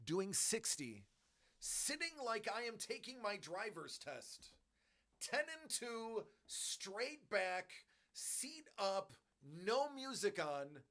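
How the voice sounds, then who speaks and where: A man hosting a collectibles channel, telling a story in a joking, animated way and acting out the voices. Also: high voice, slow. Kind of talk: casual storytelling.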